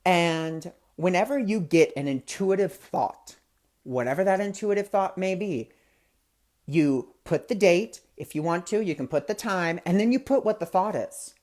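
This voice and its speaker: A man's voice: high voice, animated, unhurried, a little mellow. A man hosting a weekly spiritual discussion, talking casually and telling personal anecdotes. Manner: chatty, anecdotal, conversational. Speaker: spiritual talk host. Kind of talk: casual spiritual teaching talk.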